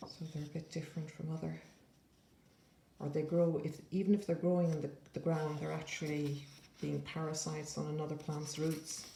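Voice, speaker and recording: A woman's voice: low-pitched, level tone, normal speed, vocal fry, background noise. A woman casually showing paper crafts in a chatty, rambling way with playful asides. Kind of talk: casual show-and-tell flip-through. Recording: echoey room.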